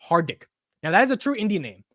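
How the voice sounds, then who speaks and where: A man's voice: high-pitched, sing-song, quick pace, fairly bright tone, dry recording, clean studio sound. A young man hosting a casual livestream, talking in an emotional, rambling way, swearing now and then and repeating himself. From United States. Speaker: livestream host.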